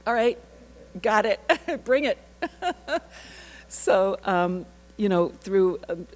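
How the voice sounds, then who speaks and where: An actress telling an animated personal story at a panel, laughing often and breaking off into asides. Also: female voice, on the low side, poor audio. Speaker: actress sharing her research story.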